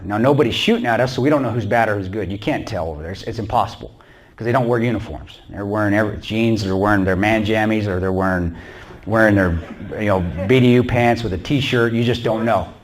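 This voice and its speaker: A man telling a combat story to a church audience in a blunt, plain-spoken way. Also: on the low side. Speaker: guest speaker recounting combat. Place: small church.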